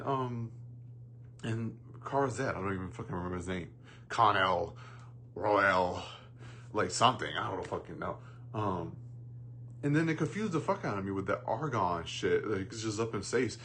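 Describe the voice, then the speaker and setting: A man's voice: on the low side, lively intonation, normal speed, slight background noise. A man ranting casually about a film, rambling and profane, with many fillers and restarts. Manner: bursts into loud mocking jokes. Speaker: movie reviewer. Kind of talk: casual rant.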